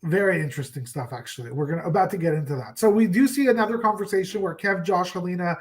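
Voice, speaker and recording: Excitable man recapping reality TV. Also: high voice, quick pace. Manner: animated, acts out quoted lines. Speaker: co-host. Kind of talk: casual podcast recap chat.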